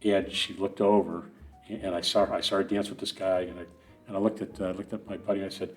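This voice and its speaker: A man's voice: low-pitched, little pitch movement, quick pace, faint music behind. A middle-aged man, a guest on a running podcast, telling long rambling stories with many restarts and asides. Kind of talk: casual storytelling interview.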